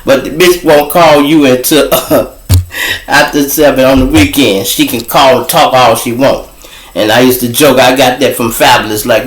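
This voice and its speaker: A man telling casual, profane street stories as host, animated and swearing freely. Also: normal speed, reverberant, low-quality recording. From Chicago. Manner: animated, profane, jumps to high voices for quoted people. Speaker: storyteller host.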